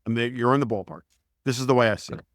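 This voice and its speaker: A man talks as a podcast guest, emphatic and profane, with frequent restarts and sudden bursts of emphasis. His voice sits at an ordinary middle pitch. The sound is dry and close, with no room around it. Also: dry recording. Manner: emphatic, profane, rapid digressions. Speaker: guest analyst. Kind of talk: animated podcast interview.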